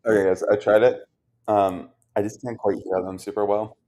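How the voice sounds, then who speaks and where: A man's voice: on the low side, little pitch movement, normal speed, a little mellow. A man casually hosting a live stream, chatting easily and speaking straight to his viewers. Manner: easygoing, chatty, addresses viewers directly. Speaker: host relaying audio rooms.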